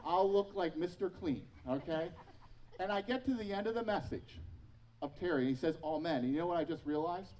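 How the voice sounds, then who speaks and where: A man's voice: on the high side, a little fast, a little mellow, distant mic, a little hiss or hum, rough recording. A man in his thirties preaching a sermon as pastor, telling personal stories with self-mocking humor. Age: 30s.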